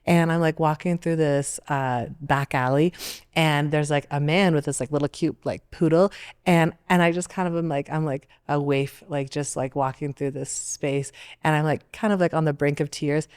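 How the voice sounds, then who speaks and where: A Canadian woman in her thirties talks casually and tells her story with lots of fillers and bursts of animation. Her voice sits low and sounds smooth and clear. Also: fairly even intonation, moderate pace, a little mellow. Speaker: interview guest, Olympic athlete. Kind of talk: casual panel conversation.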